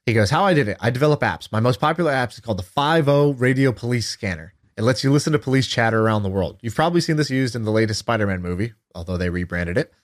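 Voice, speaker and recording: Casting: man in his thirties, podcast co-host, lively storyteller, mid-pitched. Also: quick pace, few pauses. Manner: animated storytelling, acts out quoted voices. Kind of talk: casual chat.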